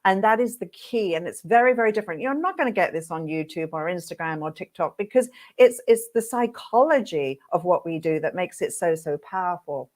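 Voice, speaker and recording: Animated woman hosting a hairdressing webinar. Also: lowish voice, fairly quick, few pauses. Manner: lively, animated storyteller who acts out her own reactions. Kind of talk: webinar talk with storytelling.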